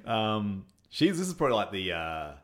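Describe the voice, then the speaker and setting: Male co-host, easygoing and rambling, halting often, quick to laugh, somewhat low register. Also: big pitch swings, a bit bright. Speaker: podcast co-host reviewing films. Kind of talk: casual chat.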